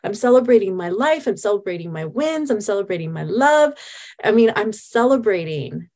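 A woman's voice: mid-range voice, expressive, normal speed, a little mellow. A woman guest, a hypnotist, speaking in an earnest, enthusiastic and reflective way. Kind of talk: casual chat.

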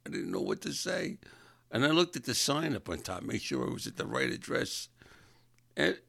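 A man's voice: medium pitch, huge pitch swings, normal speed, vocal fry, fairly bright tone, no room sound, clean studio sound. A man casually telling rambling personal anecdotes, often correcting himself mid-sentence. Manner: rambling, self-correcting, chuckling. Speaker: storyteller.

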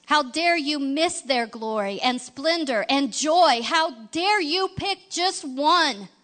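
A woman voicing an old man, a gardener who fiercely protects his flowers, scolding with indignant, repeated demands in a raised, slowed voice. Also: high voice, animated, fairly bright tone, voice pushed up, heavily acted. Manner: rising indignant repetition.

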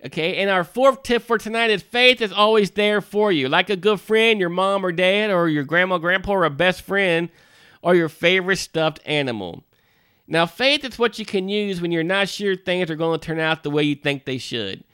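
Bright, crisp-voiced male minister. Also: sits high, normal speed, no echo, clean studio sound. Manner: conversational, with frequent "you know" asides and restarts. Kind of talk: folksy devotional talk to parents.

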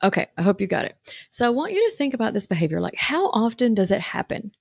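A woman's voice: fairly high pitch, very animated, fast talker, gravelly, a little mellow, husky, no room sound. Woman coaching moms, chatty n reassuring, lots of likes and ums, dry close sound. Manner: chatty, filler-heavy, reassuring. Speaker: parenting coach. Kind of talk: casual coaching talk.

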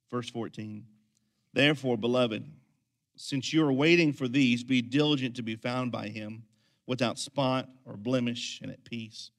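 A man preaching a sermon as pastor, swinging from quiet, intense lines to loud, energetic ones. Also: medium pitch, vocal fry.

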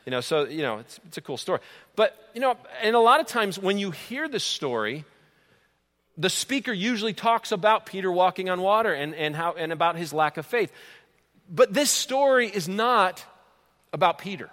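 A man preaching a sermon in a big church hall, his voice ringing out with a long reverb. His pitch sits a little high for a man, and he tells the story with animated energy, full of fillers and stumbling repeats. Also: normal speed. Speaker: pastor.

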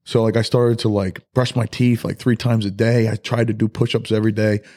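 A man as a podcast guest, telling his life story in a loose, candid way, halting and full of "like" and "dude". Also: on the low side, little pitch movement. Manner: soft-spoken and candid. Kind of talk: personal life story in a casual podcast interview.

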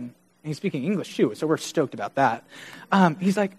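High-voiced earnest young male preacher. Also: fairly quick, husky. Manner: earnest, animated storytelling with quoted dialogue. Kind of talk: sermon with personal testimony.

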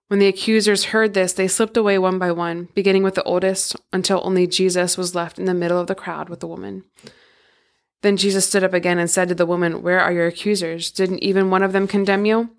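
A woman who co-hosts a podcast, reading scripture aloud in steady, measured narration. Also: lowish voice. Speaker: podcast co-host.

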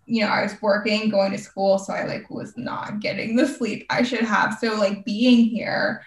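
A woman's voice: medium pitch, level tone, normal speed. A young woman talking casually and rambling, saying "like" constantly as she tells a personal story. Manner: rambling, heavy use of "like". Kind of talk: casual chat. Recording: roomy, distant from the mic.

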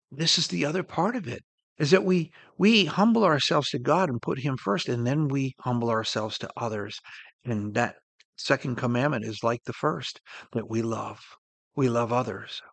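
A man preaching a sermon in an earnest way, his voice swelling and then dropping soft as he reads and explains scripture. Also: medium pitch, no echo.

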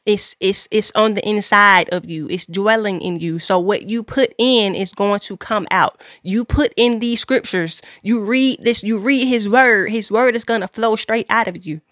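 A woman hosts a faith podcast. She speaks earnestly, repeating her key lines with a preacher's emphasis. Her voice sits at a middle pitch, close and dry with no room sound. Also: measured pace, few pauses, fairly bright tone, no echo. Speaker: podcast host. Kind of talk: faith-based exhortation.

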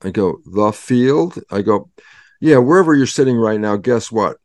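A man's voice: fairly low pitch, animated, normal speed, a little mellow, no echo. Older male guest, dramatic explainer who acts out his own conversations, dry mic. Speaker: guest scientist. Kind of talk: animated storytelling explanation.

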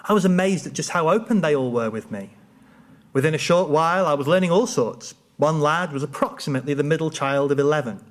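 Male storyteller, dry wit, deadpan delivery, slightly high voice. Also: brisk. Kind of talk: humorous personal storytelling.

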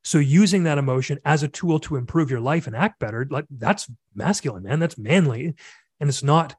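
A man's voice: fairly high pitch, animated, brisk, a little mellow, slightly rough, dry recording, studio quality. A middle-aged man hosting a casual podcast, talking in an earnest, reflective way with fillers and long rambles. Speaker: podcast host and men's coach.

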